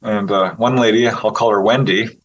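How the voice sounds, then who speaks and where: A man, a guest on an interview show, telling stories in a casual, animated way, laughing often and acting out what people said. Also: lowish voice, moderate pace, dull audio, a little hiss or hum. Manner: animated storyteller who laughs often and acts out quotes. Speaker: interview guest, UFO researcher.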